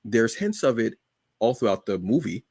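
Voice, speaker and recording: Low-voiced guy on a fan podcast, rambly, lots of ums, dry close sound. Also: sing-song, a little mellow, husky, no echo. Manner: rambling, halting with many fillers. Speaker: podcast co-host. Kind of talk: casual chat.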